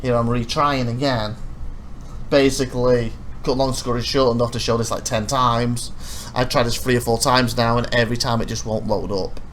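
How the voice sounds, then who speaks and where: Over his own gameplay footage, a let's play host offers casual, rambling commentary full of self-corrections, turning animated as he revisits his frustrations. The voice is mid-range at a moderate pace, with faint background noise.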